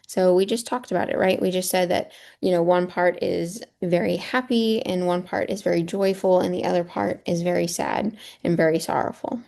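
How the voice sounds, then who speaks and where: Low gravelly woman teaching a lesson. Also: fairly even intonation, normal speed, hardly any pauses, warm tone. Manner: patient, checks in with rhetorical "right?". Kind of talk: screen-share lesson walkthrough.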